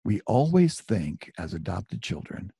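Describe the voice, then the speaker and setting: A middle-aged man tells a personal story with a low, gravelly voice and a very husky, rough texture. The sound is dry and close. His manner is chatty and self-deprecating, with frequent asides. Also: sing-song, measured pace, mellow, no room sound. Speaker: author and storyteller.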